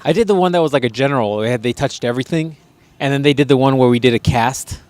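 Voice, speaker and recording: A young co-host with a mid-pitched voice, laughing easily and building on the jokes. He sits close to the mic in a dry, dead room. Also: fast talker, a little mellow, no echo. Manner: laughs often, riffs on the other host's stories. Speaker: podcast co-host. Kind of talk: casual chat.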